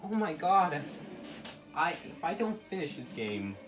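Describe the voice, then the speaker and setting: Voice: mid-range voice, very animated, unhurried, fairly bright tone, soft background music. A gamer giving live commentary over a fighting game, exasperated, exclaiming and pleading at the opponent. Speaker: let's play gamer.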